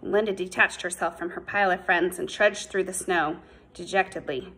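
A woman narrating a novel as an audiobook in a measured, unhurried way. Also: lowish voice, steady tone, pushed and bright, slightly rough, poor audio.

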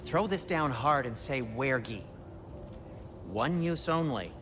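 A man's voice: medium pitch, animated, slow, background noise. An actor playing a nervous, fussy male dwarf smith in a video game, speaking fretfully and carefully. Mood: anxious.

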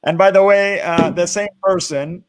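A man's voice: high-pitched, steady tone, moderate pace. A man hosting a talk show, affirming his guest and making pointed debating remarks. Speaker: host. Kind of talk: casual talk show interview.

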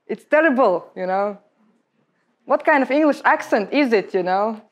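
Latvian woman lecturing on public speaking, higher voice, lively and emphatic, English not her first language. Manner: lively, emphatic, halting non-native English. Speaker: guest speaker. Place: office lecture room.

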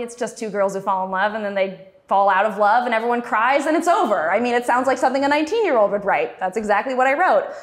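A woman in her twenties giving a talk as a cartoonist, chatty and self-deprecating, with frequent ums. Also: mid-range voice. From Texas. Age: 20s. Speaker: cartoonist guest speaker. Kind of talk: festival talk, personal storytelling.

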